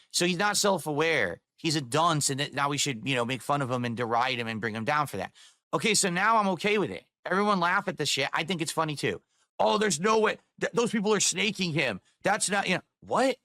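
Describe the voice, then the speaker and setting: A man's voice: fairly high pitch, sharp tone, dry recording, clean studio sound. A man live-streaming a heated rant to his chat, swearing and firing off rhetorical questions.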